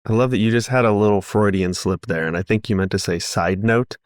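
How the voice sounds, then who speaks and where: A man with a very low voice in a relaxed podcast chat. He is easygoing and quick with a joke. The recording is dry and close. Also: no echo. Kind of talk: casual chat.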